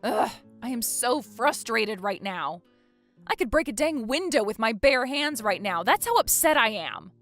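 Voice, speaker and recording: A woman's voice: on the high side, sing-song, a little slow, a bit bright, soft background music, exaggerated voice. A woman playing a fed-up, exasperated wife in a dramatized story, talking indignantly. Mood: frustrated.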